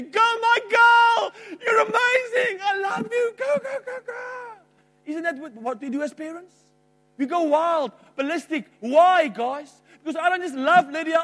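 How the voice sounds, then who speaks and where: A middle-aged man preaching a sermon, emphatic, jumping from loud outbursts to quiet asides. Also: extremely high pitch. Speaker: pastor.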